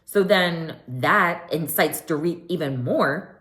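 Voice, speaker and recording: A woman's voice: sits low, slow pace. A young woman casually recapping a reality show, chatty and opinionated. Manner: chatty, opinionated, animated quoting. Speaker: recap vlogger.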